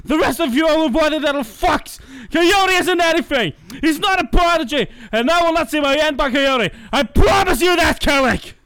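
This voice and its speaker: A man voicing an edgy young male villain, who rants about Satan in a grandiose, raving way, pitching higher as he shouts. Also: animated, measured pace, exaggerated voice. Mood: furious rant. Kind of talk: comic reading with put-on voices.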